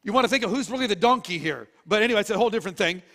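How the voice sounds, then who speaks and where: A man's voice: sits high, expressive, racing, a bit bright. A man preaching a sermon, retelling a story animatedly and with jokes. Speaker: pastor. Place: church auditorium. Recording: long reverb of a church hall.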